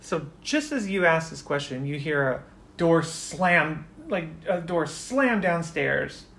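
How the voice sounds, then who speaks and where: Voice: mid-range voice, takes it slowly, creaky. Laid-back tabletop game master. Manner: relaxed, filler-heavy narration.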